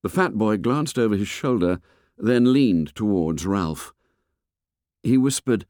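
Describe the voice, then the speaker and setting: Expressive male audiobook narrator, dry sound. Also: lowish voice, slow, no room sound. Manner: expressive, storytelling. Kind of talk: scripted narration.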